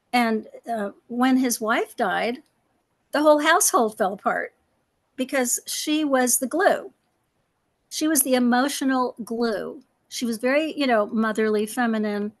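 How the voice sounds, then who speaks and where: A middle-aged woman, a panel guest, speaking earnestly and personally, with many fillers and retold dialogue. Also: fairly high pitch. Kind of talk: personal reflective talk.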